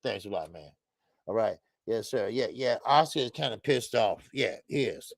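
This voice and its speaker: A man's voice: fairly low pitch, animated, normal speed, gravelly, dry recording, studio quality. A man hosting a casual boxing livestream, chatting animatedly, laughing a lot and greeting his chat in profane slang. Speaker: boxing show host.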